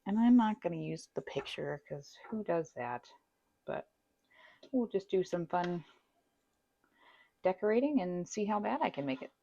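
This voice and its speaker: A woman's voice: fairly low pitch, expressive, a little slow, vocal fry, long pauses, dark tone, no room sound, lo-fi sound. A woman baking at home who chats while she decorates a cake. She pokes fun at herself and laughs often. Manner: chatty, self-deprecating, laughs often. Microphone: wireless microphone.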